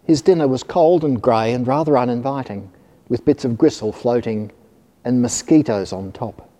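A man reading a children's picture book aloud, expressive and animated. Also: medium pitch, moderate pace. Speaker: storyteller. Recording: reverberant hall.

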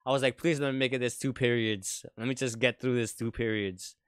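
Joking young man with a smooth voice. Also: medium pitch, fairly even intonation, fairly quick, no echo, studio quality. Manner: joking, laughs often, loud speaker. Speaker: podcast host. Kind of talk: casual chat.

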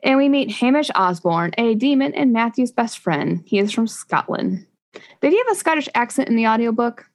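A woman's voice: on the high side, sing-song, moderate pace. A woman co-hosting a casual book review podcast, talking in a chatty, rambling way and laughing often. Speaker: podcast co-host.

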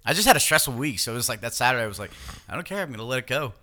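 A man's voice: mid-range voice, lively intonation, racing, sharp tone. A man co-hosting a podcast, talking in crude, laughing banter among friends. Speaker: podcast co-host. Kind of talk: casual chat.

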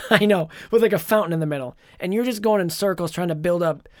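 Rambling podcast co-host, dry close mic. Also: male voice, high voice, a little fast, dry recording. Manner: rambling, animated storytelling with many fillers. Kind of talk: casual chat, retelling a dream.

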